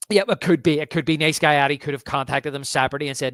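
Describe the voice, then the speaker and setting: A man's voice: on the high side, fairly even intonation, very fast, fairly bright tone, smooth, no echo, studio quality. A man co-hosting a podcast, chatting casually about a film and retelling favourite scenes with relish. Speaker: podcast co-host.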